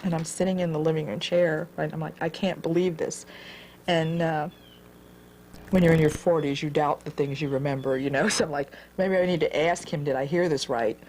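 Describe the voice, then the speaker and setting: A woman in her forties telling her own life story in an earnest, halting way, repeating words as she goes. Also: sits low, fairly even intonation, darkish tone, a little hiss or hum. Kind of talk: personal storytelling.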